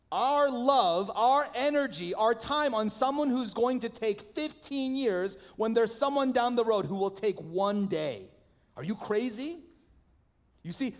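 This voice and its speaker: High-voiced passionate man preaching. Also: long reverb tail. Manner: passionate, animated preaching with many restarts. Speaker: pastor. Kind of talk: sermon. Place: church sanctuary.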